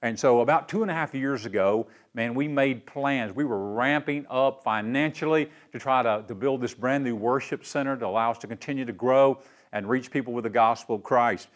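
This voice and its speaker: Folksy pastor preaching. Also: male voice, mid-range voice, fairly quick. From East Tennessee, US. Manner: warm folksy storytelling with fillers and "man". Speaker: guest pastor. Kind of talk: sermon.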